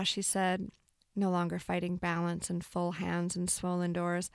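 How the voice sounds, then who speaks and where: A woman narrating a literary short story in a calm, even storytelling manner, lightly voicing the characters' dialogue. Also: fairly low pitch, a little slow, gravelly, clean tone, no room sound, studio quality.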